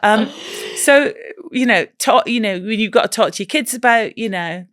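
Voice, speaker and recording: A middle-aged woman co-hosting a podcast in casual chat, animated, laughing often and swearing casually. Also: a little high, moderate pace, dry recording, studio quality. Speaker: podcast co-host.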